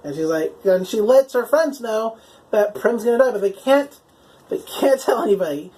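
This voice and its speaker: A woman's voice: on the high side, animated, normal speed, dark tone, a little hiss or hum, low-quality recording. A woman giving a casual, enthusiastic spoken recap of a TV episode. She leans heavily on "like" and "um" and swears now and then. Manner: chatty, heavy use of "like" and "um" fillers; enthusiastic, openly emotional. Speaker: TV episode reviewer.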